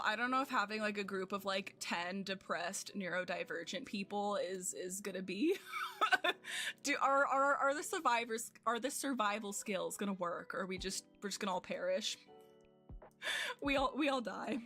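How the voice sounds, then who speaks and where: A young woman streamer chats casually from home, her voice bright and clear over faint background music. She rambles and pokes fun at herself, with plenty of fillers. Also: medium pitch, normal speed. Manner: rambling, self-deprecating, lots of fillers. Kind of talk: casual chat with chat while gaming.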